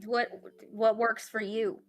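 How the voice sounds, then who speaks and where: A woman playing a tabletop game, talking hesitantly in and out of character with many pauses. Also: fairly high pitch, flat delivery, faint music behind. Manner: hesitant, trailing off with fillers. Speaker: player. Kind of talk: tabletop role-play, in and out of character.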